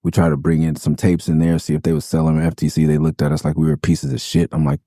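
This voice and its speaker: Deep-voiced man telling loose street stories. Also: fast talker, hardly any pauses, warm tone, no echo, studio quality. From Los Angeles. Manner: loose, profane storytelling with acted-out quotes. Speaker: podcast host. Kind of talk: casual storytelling monologue.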